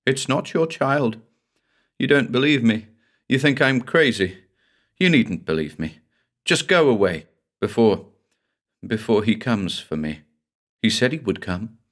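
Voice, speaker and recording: A man's voice: mid-range voice, expressive, a little slow, pauses often. A man voicing a terrified, half-possessed young woman who babbles and sobs. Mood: pleading. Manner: babbling, sobbing, pleading.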